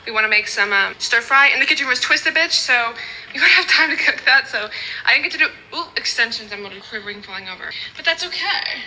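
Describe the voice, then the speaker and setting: Fast-talking bright young woman vlogger. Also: fairly high pitch, expressive, slight background noise. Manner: rambling, emotional, swears freely. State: stuffy-nosed from crying. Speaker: fitness vlogger. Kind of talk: casual vlog talk to camera. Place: walking outdoors, then at home.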